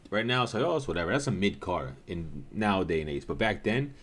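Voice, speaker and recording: A man's voice: deep voice, expressive, moderate pace, fairly bright tone. A man in his thirties, recording a casual reaction vlog outdoors. He swears a lot and swings between frustration and hype as he reacts to old footage. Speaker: car show organizer reacting to old footage.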